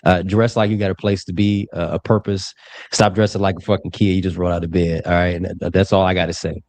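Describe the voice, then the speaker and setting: A man's voice: low-pitched, flat delivery, fast, a little mellow. A man in his twenties, a blunt and emphatic commentator in a casual panel chat. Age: 20s.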